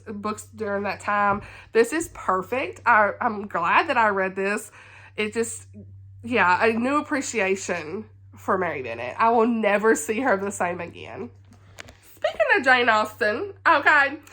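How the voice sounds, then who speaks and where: A woman with a Southern US accent, chatting casually as a book vlogger, animated and often laughing. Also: mid-range voice. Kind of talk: casual chat.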